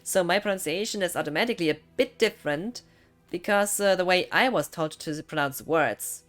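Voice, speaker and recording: A woman's voice: lowish voice, brisk, a bit bright, soft background music. A young woman with a German accent, a non-native English speaker, rambling casually as she chats on a live gaming stream. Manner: rambling, thinking aloud.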